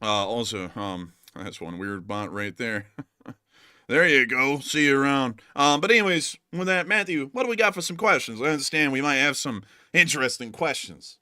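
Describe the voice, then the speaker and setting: A man hosting a war news stream, chatting with his co-host in an animated, joking way, full of "like" and "man". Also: medium pitch, moderate pace, no room sound, studio quality. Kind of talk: casual joking chat with co-host.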